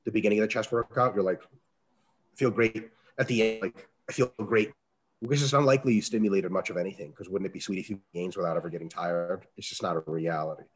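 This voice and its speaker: A man answering interview questions as a strength coach, talking casually, with salty language and lively acted-out quotes. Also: low voice, rapid-fire, hardly any pauses. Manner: profane, animated, acts out quoted dialogue.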